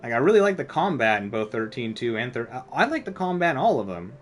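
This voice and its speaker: A man's voice: mid-range voice, sing-song, quick pace, faint music behind. A man streaming a video game, chatting casually in a rambling, self-deprecating way full of filler words. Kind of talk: casual gameplay commentary.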